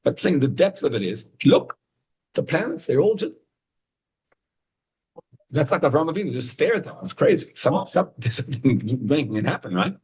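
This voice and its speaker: A husky-voiced man leads an informal Torah class over a video call. He tells stories with growing excitement, sometimes climbing high in pitch to drive a point home. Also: moderate pace, pauses often, rough recording. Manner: animated storytelling, rising to high excited emphasis. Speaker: rabbi teaching a class.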